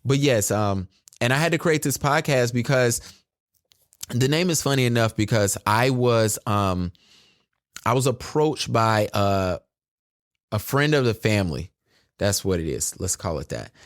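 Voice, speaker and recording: A man on a podcast as a guest, telling a story in an animated, chatty way and addressing listeners as y'all. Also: medium pitch, measured pace, no echo, studio quality. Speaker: guest photographer.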